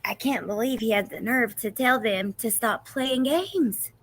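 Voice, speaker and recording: A woman's voice: a little high, normal speed, fairly bright tone. A woman streaming commentary on interrogation footage, reading viewers' names and reacting with outrage. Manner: outraged, talks to viewers in chat. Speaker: true crime streamer.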